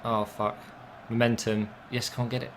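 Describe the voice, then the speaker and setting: Excitable young man gaming. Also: medium pitch, moderate pace, slight background noise. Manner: excitable, swearing, frustrated outbursts. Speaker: gaming commentator. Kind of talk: casual game commentary.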